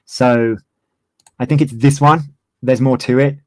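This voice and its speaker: A man's voice: mid-range voice, steady tone, a little slow, a little mellow, no echo. A man in his twenties, ranting heatedly on a livestream and swearing freely. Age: 20s. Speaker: streamer. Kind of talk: livestream commentary.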